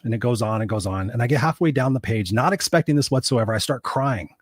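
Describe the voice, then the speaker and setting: A man's voice: mid-range voice, lively intonation, quick pace, few pauses, dry recording, studio quality. A man telling a personal story as a podcast guest and motivational coach, emphatic and speaking straight to the listeners. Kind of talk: storytelling interview talk.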